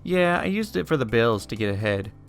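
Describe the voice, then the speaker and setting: A man's voice: medium pitch, sing-song, brisk, clean tone, faint music behind. A man voicing a selfish, dismissive middle-aged mother with curt replies.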